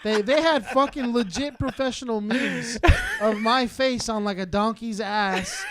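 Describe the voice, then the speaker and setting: A man's voice: very high voice, unhurried, a bit bright. A man from Southern California co-hosting a podcast, ranting in a heated, rambling, profane way. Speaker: podcast co-host. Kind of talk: casual podcast rant.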